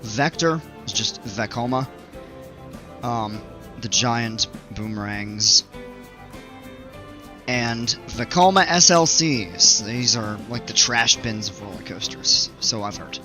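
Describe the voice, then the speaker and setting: A man giving casual commentary while playing a building game, thinking aloud with fillers, his voice a little hoarse. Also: mid-range voice, slow pace, pauses often, pushed and bright, soft background music. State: slightly hoarse, regaining voice. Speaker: gaming video creator.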